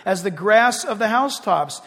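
A man preaching a sermon, his voice sitting high for a man. He reads scripture slowly and deliberately, then breaks off into quick, excited commentary. The sound carries a long hall reverb. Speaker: pastor.

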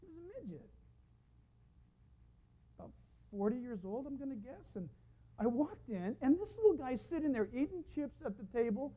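A man preaching a sermon as a pastor, telling stories in an animated way and acting out the voices of the people he quotes. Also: very high voice, moderate pace, pauses often, husky. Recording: dull lo-fi sound.

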